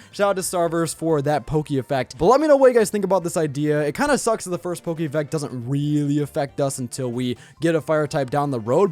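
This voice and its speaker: A man hosting a let's play video, talking in an excitable, hyped way with casual swearing. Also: on the high side. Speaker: gaming channel host.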